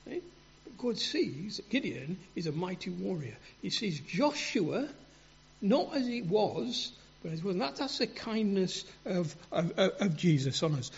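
Earnest halting male preacher, high husky voice. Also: sing-song. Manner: earnest, halting with many repeats and restarts. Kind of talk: sermon. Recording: dull lo-fi sound.

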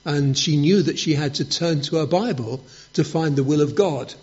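Guy giving a sermon, chatty storyteller, bit higher voice, muffled old recording. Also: normal speed, darkish tone. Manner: storytelling with acted quotes, conversational. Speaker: preacher. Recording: dull lo-fi recording.

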